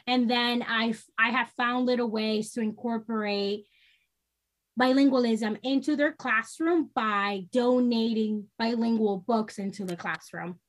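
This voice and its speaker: Earnest, animated woman guest. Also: on the high side, measured pace. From New York state. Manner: earnest, animated, acts out quoted voices. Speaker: podcast guest, social worker. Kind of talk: casual interview talk.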